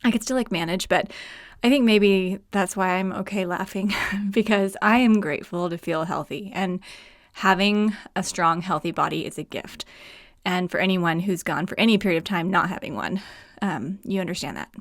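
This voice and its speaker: A woman's voice: fairly low pitch, normal speed, no echo, clean studio sound. A woman hosting her own podcast alone from a room at home, chatting casually with many fillers and frequent laughter. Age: adult mother. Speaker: podcast host. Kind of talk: solo podcast talk.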